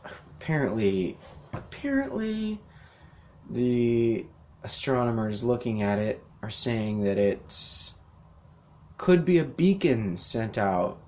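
A man's voice: lowish voice, takes it slowly, a little mellow. A young man hosting a podcast, delivering a rambling, profane rant with sarcastic asides. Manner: rambling, sweary, sarcastic mock voices. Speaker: podcast host. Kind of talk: profane ranting monologue.

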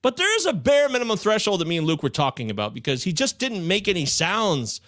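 A man's voice: high-pitched, very animated, fast talker, fairly bright tone, dry recording. A young man co-hosting a casual chat, telling profane stories with acted quotes. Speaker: podcast co-host.

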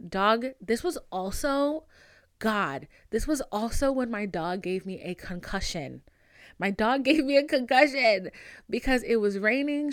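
Young woman, podcast host, brash and profane, dramatic swings, smooth clear voice, dry close sound. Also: mid-range voice, dry recording. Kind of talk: casual storytelling monologue.

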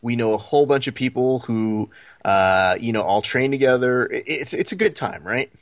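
A man's voice: medium pitch, moderate pace, dry recording. A man co-hosting a podcast, telling a story casually and acting out the lines of the people in it. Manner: animated storyteller, acts out quoted lines. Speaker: podcast co-host.

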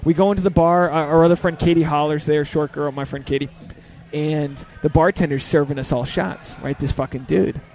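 A man's voice: on the high side, a little fast, faint music behind. A young man, a podcast host and stand-up comic, telling a story in casual, profane chat and acting out the quotes. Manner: animated, profane, acts out quotes.

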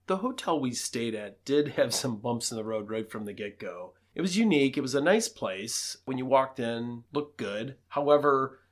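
A man's voice: mid-range voice, expressive, moderate pace, hardly any pauses. A young adult man co-hosting a travel podcast, recapping a stay in a plain, matter-of-fact way. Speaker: podcast co-host.

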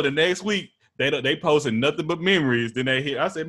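A man's voice: fairly high pitch, a little fast, fairly bright tone. A man with a Texan accent hosting a podcast, talking in a loose, profane, joking way. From Texas. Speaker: podcast host. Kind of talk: casual podcast chat.

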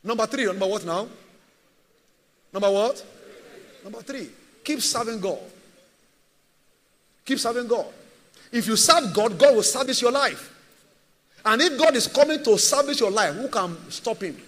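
A man's voice: very high voice, animated, unhurried, pauses often, a bit bright, big-room sound. A man preaching a sermon as a pastor, emphatic and repetitive, firing rhetorical questions at his church.

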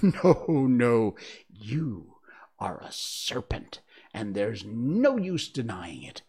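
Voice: slightly rough, heavily acted. A reader voicing a frantic mother pigeon who shrieks, sobs and scoffs, in a storybook reading. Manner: shrill outbursts, then sobbing and scornful.

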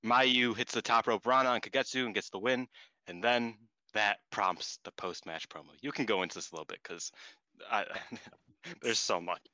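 Bright, rambling male podcast host. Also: lowish voice, normal speed, dry recording, rough recording. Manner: rambling, self-deprecating, lots of "like" and "um". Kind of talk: casual chat.

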